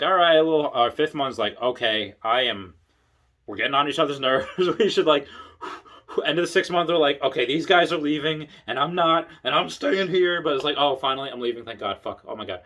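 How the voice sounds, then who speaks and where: A man's voice: medium pitch, a little fast, bright, forceful tone. A tipsy man, an Air Force veteran, telling rambling stories to camera in casual, profane talk and acting out other people's lines. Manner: rambling, profane, acts out voices in bursts.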